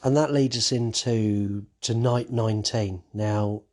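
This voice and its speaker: A man's voice: lowish voice, steady tone, takes it slowly, a little mellow. A man hosting a podcast, recapping a horror movie in casual chat, swearing freely and stumbling over restarts. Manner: swears freely, acts out characters' lines; many fillers and restarts. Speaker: podcast host.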